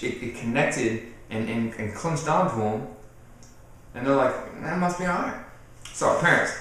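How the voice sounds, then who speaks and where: A man giving casual parenting advice straight to camera, animated, acting out what people say and repeating himself as he goes. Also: mid-range voice. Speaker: parenting video host. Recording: very echoey room, mic off at a distance.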